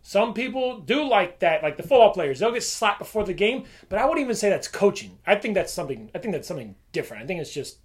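A man who works as a trainer, talking casually on a podcast in a relaxed way with filler words. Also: sits high, quick pace, few pauses, slightly rough.

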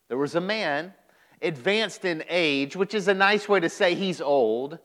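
A male pastor with a fairly high voice tells a story on a church podcast. He builds it dramatically, pausing and repeating words as he goes. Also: fairly bright tone.

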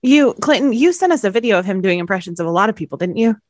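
A woman with a mid-range voice co-hosts a casual podcast, lively and quick to laugh. Her voice sounds dry and close to the mic. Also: medium pitch, no room sound. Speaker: podcast co-host. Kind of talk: casual chat.

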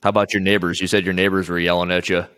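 Low-voiced male coach, loose conversational interviewer who trails off and restarts. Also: flat delivery, rapid-fire, fairly bright tone, clear, resonant tone. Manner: rambling, with frequent restarts. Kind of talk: casual interview chat.

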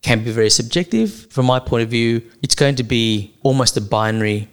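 A man's voice: medium pitch, a little fast, clean tone. A man with an Australian accent co-hosting a casual podcast, musing aloud and restarting his sentences as he thinks. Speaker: podcast co-host.

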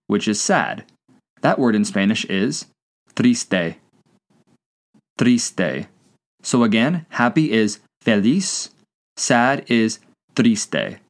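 A man hosting a scripted language-lesson podcast, asking questions and then repeating each answer slowly twice. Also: lowish voice. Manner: slow repeated drills with pauses. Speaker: language teacher.

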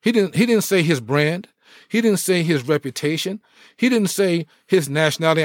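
A middle-aged man, a former pro athlete, telling his life story in a podcast interview with animated, preacher-like energy. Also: high-pitched, normal speed, no room sound, clean studio sound. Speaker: guest, former pro football player.

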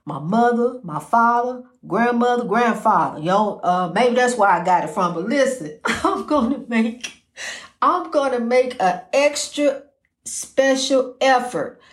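A woman's voice: fairly high pitch, lively intonation, unhurried, reverberant. A woman hosting her own podcast, talking in a folksy, rambling way full of "you know" while giving faith-based encouragement. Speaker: podcast host. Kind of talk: casual inspirational talk.

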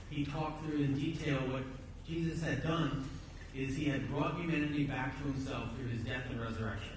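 A man's voice: on the high side, a little hiss or hum. A man preaching a sermon as pastor, in a conversational, emphatic way, often repeating words as he goes. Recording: echoey hall, distant mic.

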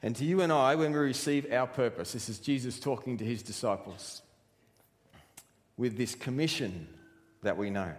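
A man preaches from the front of a church. His voice sits at an ordinary middle pitch and fires off question after question. A long reverb from the large hall trails behind each phrase. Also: moderate pace. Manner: earnest preaching, full of rhetorical questions. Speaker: pastor. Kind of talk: sermon.

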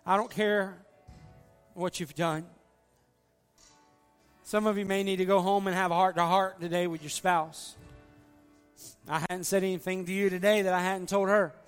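A pastor with a high, slightly bright, clear, resonant voice preaches an earnest, folksy sermon in a church sanctuary, pleading with his congregation during the altar call. The recording carries long hall reverb and faint music.

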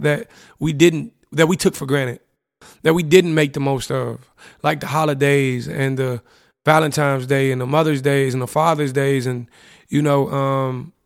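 A man's voice: on the high side, vocal fry, dry recording, clean studio sound. A young man hosting a podcast, telling personal stories about a past relationship in a casual, candid way, full of slang and "you know what I'm saying". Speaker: podcast host. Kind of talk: reflective personal monologue.

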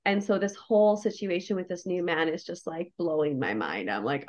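A woman's voice: on the low side, normal speed, darkish tone. A woman podcast guest telling a personal story in a candid, effusive way, full of "like" fillers. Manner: effusive, emotionally open, many "like" fillers. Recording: dull lo-fi recording.

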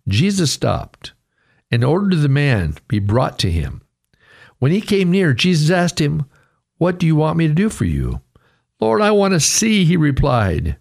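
A man preaching a radio sermon, earnest and conversational, his pitch rising sharply when he voices a quoted cry. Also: huge pitch swings, a little slow, creaky, darkish tone, breathy edge. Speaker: radio pastor.

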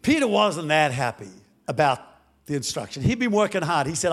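A male pastor preaching a dramatic storytelling sermon that swings up to shouting. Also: on the high side, animated, a little fast.

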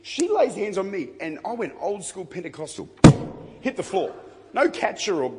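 A man preaches in a large church hall, telling his story with jokes and sudden shouts. His voice sits a little high and swings widely in pitch. A long reverb trails each phrase over faint crowd ambience. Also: normal speed, heavy background noise. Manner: storytelling, animated and jokey, with bursts of shouting. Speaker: pastor. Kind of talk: sermon.

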